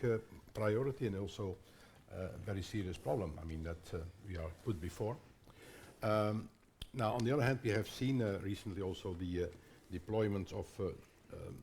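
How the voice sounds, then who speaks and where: An older man moderating a conference panel in a halting way, with frequent fillers and restarts. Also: on the low side, a little mellow, slight background noise.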